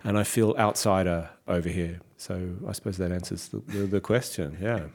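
A man's voice: deep voice, steady tone, moderate pace, a little mellow. A middle-aged Australian man with an Australian accent, talking thoughtfully as an interview guest, with frequent restarts. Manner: thoughtful, many restarts and fillers. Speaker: conductor and author guest. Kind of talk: reflective interview talk.

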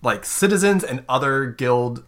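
A man narrating a tabletop role-playing game as game master, halting and full of fillers and restarts. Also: mid-range voice, animated, a bit bright.

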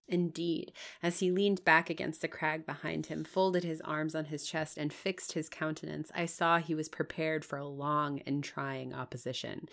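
A woman giving an expressive reading of a classic novel aloud, with emphatic pauses. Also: low voice, vocal fry.

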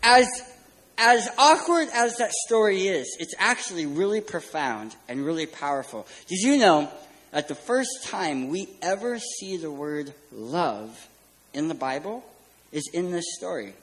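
A pastor delivers a sermon full of jokes and lively asides. He speaks in a high voice for a man, moving easily between humor and earnest points. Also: measured pace, poor audio. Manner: joking, animated storyteller. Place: church stage.

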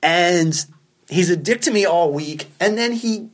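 A man's voice: high-pitched, a little slow. Rambling, self-mocking comedian man. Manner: rambling, self-deprecating, profane. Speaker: podcast host and stand-up comedian. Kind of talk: casual storytelling.

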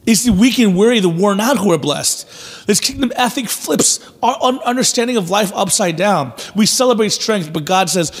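Male pastor, sermon, fairly high husky voice, conversational and animated, long hall reverb. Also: moderate pace. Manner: conversational, animated preaching with acted-out asides.

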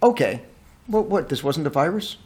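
A man with a fairly high voice hosts a casual movie-review podcast. He rants in an animated, incredulous way and swears freely. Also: normal speed. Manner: animated, profane, incredulous ranting.

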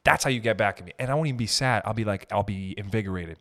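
A young man hosting a podcast, ranting in a comedic, animated way, swearing and laughing as he goes. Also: lowish voice, racing. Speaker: podcast host. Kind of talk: comedic rant.

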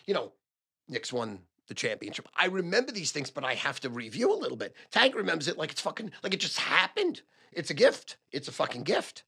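A loud, gravelly, brash older man with a slightly high voice, huge pitch swings, and a somewhat fast pace delivers a casual monologue to camera. He's a sports gambling advisor and show host, profane and emphatic, repeating phrases for punch.

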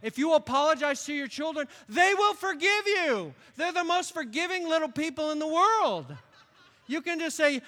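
A man in his late fifties from upstate New York, preaching a sermon in an animated storytelling way. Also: extremely high pitch, normal speed. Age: late 50s. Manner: animated storytelling, acts out quoted voices. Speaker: pastor. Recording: long reverb of a large hall.

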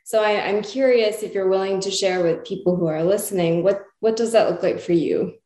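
A woman's voice: mid-range voice, fairly quick, dark tone. Reflective woman host in roomy echo. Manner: thoughtful, reflective, full of hedging fillers. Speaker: podcast co-host. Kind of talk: casual interview chat.

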